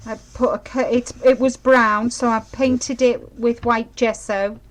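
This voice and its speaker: This middle-aged woman talks viewers through a live craft project in an unhurried, chatty way. Her voice sits a little high, and she keeps apologising and asking whether everyone can see. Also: steady tone, poor audio. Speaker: craft demonstrator.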